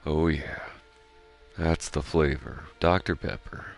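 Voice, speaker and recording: Rambling gamer guy with an extremely low, gravelly voice, swears a lot, casual stream talk. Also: steady tone, slow, soft background music. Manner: rambling, swears freely, self-reflective. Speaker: gaming streamer. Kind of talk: casual chat while playing.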